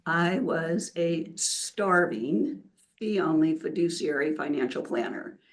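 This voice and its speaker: A woman's voice: low voice, slow pace. An older woman, a wealth counselor, telling stories in a casual interview and acting out the quotes. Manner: animated storyteller who acts out quotes. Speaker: wealth counselor, podcast guest.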